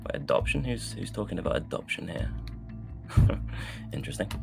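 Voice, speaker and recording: A man casting a live esports match, chatting loosely with many fillers while he fills the pauses. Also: low voice, big pitch swings, vocal fry, over music. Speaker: esports caster.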